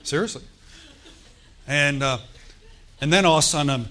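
Pastor guy telling a story from the pulpit, lively asides, acts out the dialogue. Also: mid-range voice, moderate pace, long pauses. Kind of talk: sermon storytelling.

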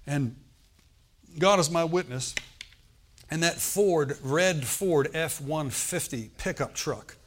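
A man's voice: fairly high pitch, lively intonation, slow pace, slight background noise. A man preaching a sermon, telling a personal healing story and often asking the congregation "Amen?". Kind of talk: sermon testimony.

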